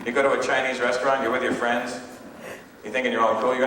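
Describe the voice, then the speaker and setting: A man's voice: mid-range voice, flat delivery, fast, bright, forceful tone. A man from Canada doing stand-up comedy on stage in a hall, brash and self-mocking, slipping in and out of impressions. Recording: echoey hall from far off, noisy old tape.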